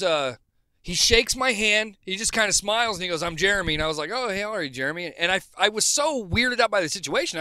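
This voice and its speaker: A man with a high, bright voice tells a casual anecdote on a podcast, rambling and restarting his sentences. The sound is dry and close. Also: no room sound. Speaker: podcast co-host.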